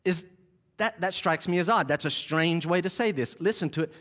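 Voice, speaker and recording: A man's voice: sits high, big pitch swings, moderate pace, fairly bright tone. Emphatic male pastor preaching. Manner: emphatic, repeats key phrases with rising intensity; conversational asides, self-deprecating. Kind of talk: sermon. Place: church sanctuary.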